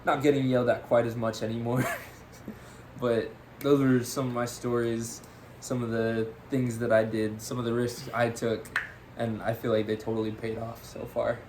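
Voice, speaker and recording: A man's voice: mid-range voice, normal speed, noisy background. A young man co-hosting a podcast, telling a story casually and animatedly, laughing often. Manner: animated, laughs often, says "freaking" a lot. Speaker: podcast co-host.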